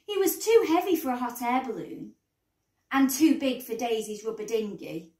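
A woman teacher reading a bedtime story aloud in an expressive storybook manner, in a roomy recording. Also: fairly high pitch, normal speed, recorded from a distance. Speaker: primary school teacher. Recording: roomy echo.

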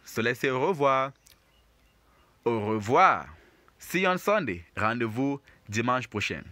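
A man's voice: medium pitch, very animated, measured pace, bright, forceful tone, dry recording. A man teaching beginners, patiently repeating and explaining each phrase in a lesson. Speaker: French teacher.

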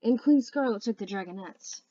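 A nervous male sea dragon, hunted and guilty, who answers in a faltering, defensive way, as a woman reads him aloud. His voice sits at an ordinary middle pitch and sounds a little dull and close, with no room around it. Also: moderate pace, warm tone, no echo, natural voice.

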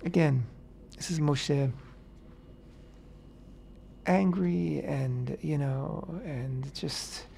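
A man on a radio talk show explaining a Bible passage in a casual, animated way, acting out the characters' words in paraphrase. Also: a little high, very slow, vocal fry, long pauses, a little hiss or hum. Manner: animated, acts out quotes in paraphrase, many fillers. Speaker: radio host teaching the weekly Torah portion. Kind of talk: casual Torah discussion on radio.

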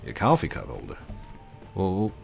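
A man's voice: deep voice, huge pitch swings, moderate pace, gravelly, faint music behind, exaggerated voice. A man voicing a blunt Australian tech help desk worker, curt and matter-of-fact with a slightly condescending manner. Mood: brisk.

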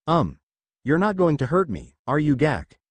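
A man's voice: a little high, huge pitch swings, a little slow, slightly rough, no echo, heavily acted. A man voicing a nervous, awkward young male ninja in a story reading, with hesitant, fumbling lines.

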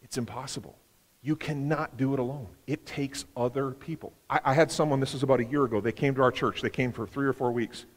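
Pastor, man, mid-pitched, earnest sermon delivery, long church reverb. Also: steady tone, quick pace. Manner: earnest, repeats words, acts out Bible quotes. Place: church sanctuary.

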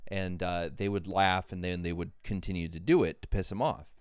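Very deep-voiced man, smooth and dry. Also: a little fast, no echo. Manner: relaxed, swears casually, tells anecdotes. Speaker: host. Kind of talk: casual chat.

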